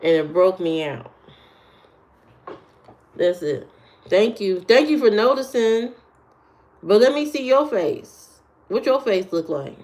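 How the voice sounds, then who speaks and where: Brief: woman streamer, sassy and unhurried, talks back at trolls in chat. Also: medium pitch, sing-song, darkish tone. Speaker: live streamer. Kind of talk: casual live-stream chat answering comments.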